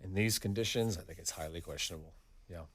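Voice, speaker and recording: A man with a very low voice makes short, measured comments in a casual sports chat. The recording is dry and close. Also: fairly bright tone, no room sound. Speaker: podcast co-host.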